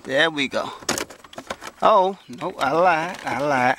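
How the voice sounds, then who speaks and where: A man's voice: a little high, takes it slowly, background noise. A man doing a casual how-to car repair vlog, chatty and exclaiming often as he talks straight to viewers while working inside a parked car. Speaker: vlogger.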